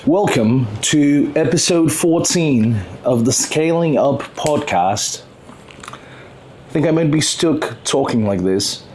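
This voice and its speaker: A man hosting a podcast while voicing a prim British gentleman who calls himself Sir, in a put-on British accent with slow, clipped speech. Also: fairly high pitch, expressive, a little hiss or hum. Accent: put-on British English. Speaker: podcast host.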